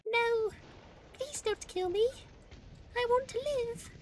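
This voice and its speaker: A man doing a squeaky, panicky falsetto woman in a game stream, pitched up to an extreme, dragging out each plea slowly. Faint noise hums behind her. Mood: pleading.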